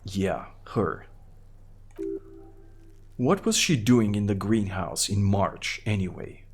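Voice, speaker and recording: Lively Bulgarian-accented game streamer. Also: male voice, lowish voice, slight background noise. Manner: quick, lively, half-joking asides. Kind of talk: live gameplay commentary, reading game text.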